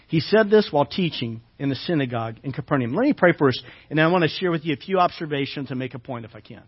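A male pastor delivers a sermon in a high, bright-edged voice, reading scripture with building emphasis and breaking off for casual asides to his listeners. The sound is muffled and lo-fi, like a church livestream. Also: lively intonation, brisk, husky. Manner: reads scripture aloud with rising emphasis, asides to congregation.

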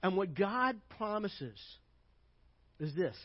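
An older man preaching a sermon as pastor, emphatic and building to loud repeated phrases, then dropping to quiet asides. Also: on the high side, lively intonation, moderate pace, no echo, muffled recording.

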